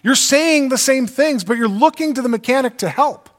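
A man's voice: very high-pitched, lively intonation, normal speed. A man preaching a sermon, reading scripture aloud and teaching in an earnest, emphatic way. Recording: long reverb of a large hall.

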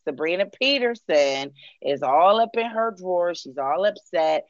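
A woman's voice: lowish voice, lively intonation, measured pace, dry recording. A woman co-hosting a podcast, chatting and gossiping in a sassy, playful way. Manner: sassy, playful, drops into a mock official voice. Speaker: podcast co-host. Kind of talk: casual gossip chat. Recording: slightly dull lo-fi sound.

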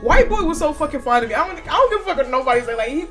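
A woman's voice: high-pitched, animated, racing, a bit bright, faint music behind. A woman hosting a podcast, giving blunt, profane opinions in casual chat and often breaking into laughter. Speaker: podcast host.

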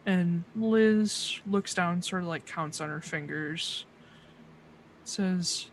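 Tabletop game master, slow, relaxed narration, faint room hum. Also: mid-range voice. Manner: relaxed, filler-heavy narration.

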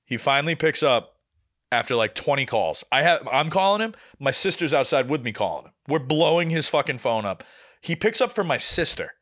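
A young man, telling a story on a podcast in casual, animated style, swearing often and acting out the people he quotes. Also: mid-range voice, fairly quick. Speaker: podcast co-host.

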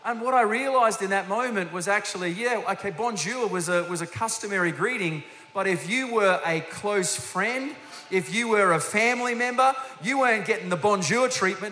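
Bright-voiced man preaching. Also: high-pitched, moderate pace. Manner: energetic storytelling, asks the congregation direct questions. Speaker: guest preacher, senior minister. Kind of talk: sermon. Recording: echoey hall with faint hiss.

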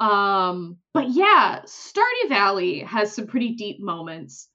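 A woman's voice: mid-range voice, very animated, slow pace, pushed and bright, dull audio. A young woman co-hosting a podcast, telling stories animatedly, acting out characters' lines and laughing often. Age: young adult. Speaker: podcast co-host. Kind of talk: casual chat.

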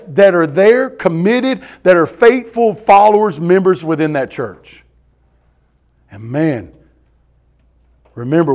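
Man pastor, high voice, emphatic repetitive sermon delivery. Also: darkish tone. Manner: emphatic, repetitive, asks the congregation questions.

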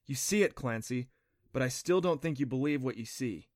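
A man's voice: medium pitch, lively intonation, moderate pace, no room sound, lightly acted. An eager young boy adventurer speaks earnestly and encouragingly, voiced by a man narrating a storybook. His voice sits a little above the narrator's own. The sound is dry and close.

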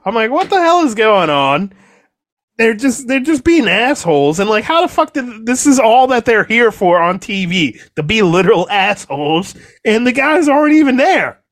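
A young man co-hosting a podcast, recapping wrestling in a profane, exasperated, animated rant. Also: extremely high pitch, moderate pace, hardly any pauses. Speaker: podcast co-host. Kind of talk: casual wrestling recap chat.

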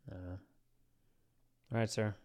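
Chill guy with a lowish voice cohosting a podcast, laughs a lot, acts shocked at his buddy. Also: fairly even intonation, moderate pace, darkish tone. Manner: easygoing, laughs often, mock-scandalized. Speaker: podcast co-host. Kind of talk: casual chat.

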